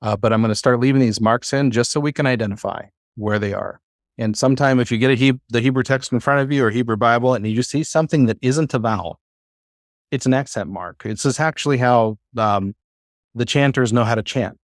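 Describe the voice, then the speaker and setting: A man teaching a class, talking in a relaxed, halting way with many fillers and restarts. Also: mid-range voice, dry recording, studio quality. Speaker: Bible Hebrew teacher.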